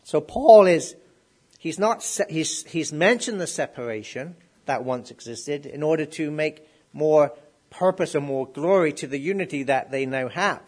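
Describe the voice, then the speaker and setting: A man's voice: fairly high pitch, expressive, a little slow, a little mellow. A middle-aged man preaching a sermon. He asks the congregation questions and builds up to emphatic declarations.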